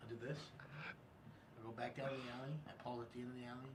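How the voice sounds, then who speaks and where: Fast-talking joking male player. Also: mid-range voice, little pitch movement, distant mic, noisy background. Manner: loose, joking banter. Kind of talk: casual tabletop play.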